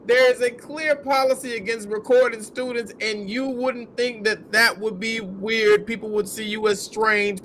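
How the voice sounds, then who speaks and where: A man's voice: high-pitched, sharp tone, a little hiss or hum. A man hosting a podcast, ranting in heated, profane, incredulous commentary. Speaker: podcast host.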